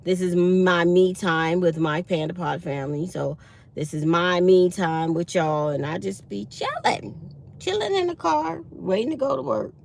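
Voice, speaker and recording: A woman, chatting casually to her viewers from her parked car, telling lively stories with acted-out quotes. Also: lowish voice, a little slow, vocal fry, slight background noise. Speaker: vlogger. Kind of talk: casual morning chat to viewers.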